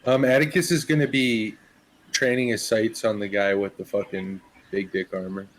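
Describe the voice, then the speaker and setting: A man's voice: lowish voice, steady tone, normal speed. Laid-back young man playing a tabletop game. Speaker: player. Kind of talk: casual chat.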